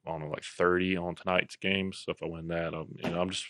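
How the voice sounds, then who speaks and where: A young man co-hosting a podcast in casual chat, low-key and laid-back, often trailing off. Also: flat delivery, quick pace, a bit bright, no echo, clean studio sound. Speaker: podcast co-host.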